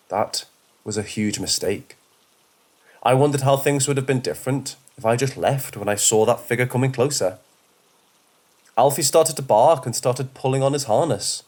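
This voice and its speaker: A man reading horror stories aloud in a steady, measured narration. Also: medium pitch. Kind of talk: scripted horror story narration.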